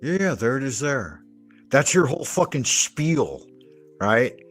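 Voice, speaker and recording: A man with a husky, slightly breathy voice delivers profane, sarcastic reaction commentary. He talks in emphatic bursts with faint music underneath. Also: mid-range voice, big pitch swings, unhurried, fairly bright tone. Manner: emphatic, sweary, sarcastic ranting. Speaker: commentary video host.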